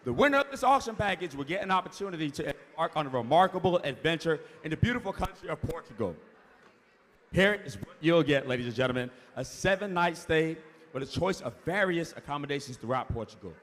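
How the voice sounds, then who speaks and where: A man with a high voice runs a charity auction, rattling off bid amounts over and over and pushing the room to raise paddles. His voice booms through a PA in a big hall with a long, ringing reverb. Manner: energetic, hypes the crowd, repeats bids rapidly. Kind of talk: live auction calling. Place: large event hall.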